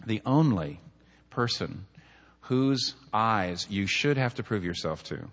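A man's voice: on the low side, animated, slow, long pauses, a bit bright. Earnest male pastor preaching in a reverberant hall. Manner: earnest, builds to emphatic points, tells stories. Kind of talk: sermon.

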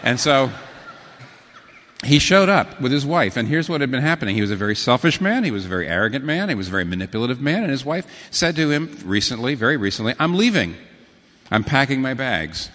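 A middle-aged male pastor delivering a sermon, his voice leaping between soft, low asides and lifted, emphatic questions. He tells stories and reads quotations aloud, and the sound carries the long reverb of a big church hall. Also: fast. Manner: animated storytelling with sudden pitch swings and quotations.

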